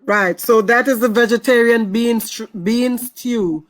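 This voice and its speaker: A woman, pitched a bit high, co-hosts a live cooking stream. She praises the chef's dish and walks late viewers through what they missed. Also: a little slow. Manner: warm, praising, recapping for viewers. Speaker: co-host of a cooking show. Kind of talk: live stream co-hosting commentary.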